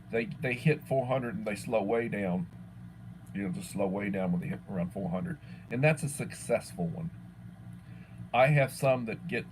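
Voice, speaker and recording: A man's voice: on the low side, darkish tone, a little hiss or hum, rough recording. A middle-aged man from Texas hosting a casual livestream chat, greeting viewers by name and repeating words as he thinks. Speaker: livestream host.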